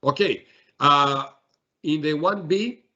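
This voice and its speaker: A man presenting a software demo in a webinar, talking haltingly with many fillers and restarts. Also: on the high side, dull audio.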